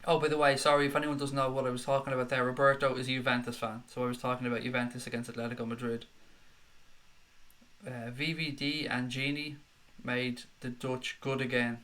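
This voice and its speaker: A young man hosting a football fan live stream, chatting excitedly and reading out viewer comments. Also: medium pitch, fairly quick. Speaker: football fan channel host. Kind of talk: live-stream chat reaction.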